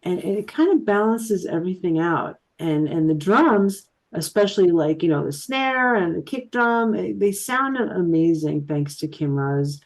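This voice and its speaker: A woman with a somewhat low voice co-hosting a podcast in casual chat. She describes things eagerly, often stumbling and repeating words mid-thought. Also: expressive, a little slow, hardly any pauses. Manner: enthusiastic with frequent word repeats. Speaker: podcast co-host.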